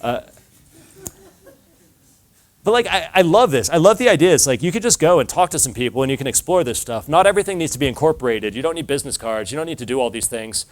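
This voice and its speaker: A man's voice: a little high, expressive, quick pace. A man giving a casual talk to an audience, telling stories with lots of filler words and acted-out dialogue.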